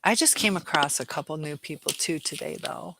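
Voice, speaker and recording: Tired woman with a gravelly edge. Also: sits low, brisk, noisy background. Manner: hesitant, many fillers and restarts. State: tired and dizzy. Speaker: host of a live chat Q&A. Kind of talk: live-stream chat, reading viewer comments aloud.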